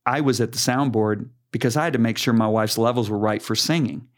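A man voicing a calm husband, explaining in a measured, matter-of-fact way. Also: mid-range voice, pitched below the performer's own voice, lightly acted.

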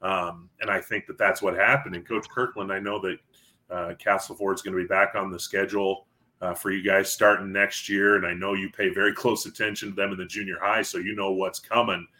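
Podcast co-host, male, bright forceful voice, animated sports storyteller. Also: sits low, a little fast. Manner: animated storyteller who acts out quotes. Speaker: podcast co-host covering high school football. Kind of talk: casual sports podcast chat.

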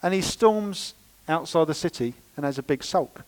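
Lively man preaching. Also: a little high, moderate pace, low-quality recording. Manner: lively, conversational preaching with playful asides. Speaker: pastor. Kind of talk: sermon. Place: church.

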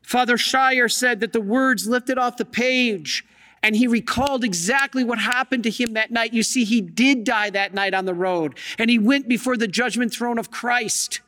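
A man's voice: extremely high pitch, moderate pace, bright, forceful tone. A man, a Catholic priest, giving a sermon with emphatic storytelling and rhetorical questions. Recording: long hall reverb.

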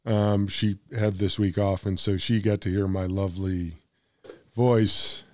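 A man's voice: deep voice, flat delivery, measured pace, darkish tone. A man co-hosting a casual podcast in a cigar shop lounge, teasing and wry, just recovered from covid. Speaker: podcast co-host.

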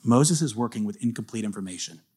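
A man preaching a sermon as pastor, chatting casually, then reading scripture slowly and building to shouted intensity. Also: lowish voice, expressive, slightly rough. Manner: reads scripture slowly and dramatically.

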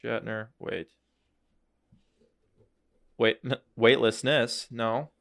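A man's voice: mid-range voice, little pitch movement, very slow, vocal fry, a bit bright. Joking man hosting a casual podcast. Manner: joking, acts out imagined dialogue. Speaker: podcast host. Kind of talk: casual chat.

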